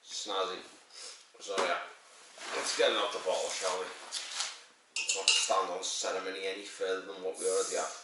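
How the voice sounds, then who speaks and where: In a very echoey room with a distant mic and heavy noise, a low-pitched man reviews a beer at a moderate pace with flat delivery. His casual monologue rambles, crude and jokey, with plenty of swearing.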